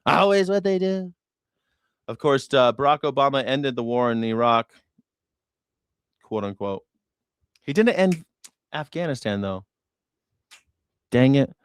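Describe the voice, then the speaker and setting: A man's voice: mid-range voice, unhurried, long pauses, smooth, no room sound. Sarcastic, profane male streamer, dry sound. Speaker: news reaction streamer. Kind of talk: casual political commentary.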